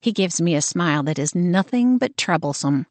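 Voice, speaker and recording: A woman reads a first-person romance audiobook with wry, expressive storytelling. Her voice sits a little low. The recording is dry and close. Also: moderate pace, no echo. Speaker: audiobook narrator.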